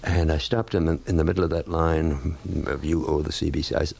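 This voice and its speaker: A man's voice: a bass voice, fairly quick, vocal fry, hardly any pauses. An older man, a veteran radio broadcaster, telling wry anecdotes and acting out the people he quotes. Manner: wry, animated when quoting others. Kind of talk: anecdotal storytelling.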